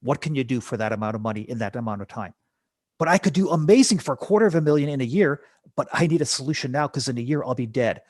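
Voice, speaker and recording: Husky-voiced man musing aloud. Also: mid-range voice, expressive, fast talker, darkish tone, no echo, clean studio sound. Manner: reflective, rhetorical questioning. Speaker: guest. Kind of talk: conversational storytelling.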